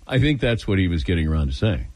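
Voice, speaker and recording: A man's voice: low-pitched, fast, dry recording. A man hosting a sports call-in radio show, telling an anecdote in a chatty way and acting out the voices of others. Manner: animated, acts out voices in anecdotes. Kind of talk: casual radio storytelling.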